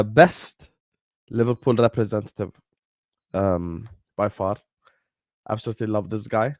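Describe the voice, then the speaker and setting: A man's voice: mid-range voice, no echo, studio quality. A man hosting a stream, hyping and teasing his guest in playful banter. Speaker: host. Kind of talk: casual chat on a stream.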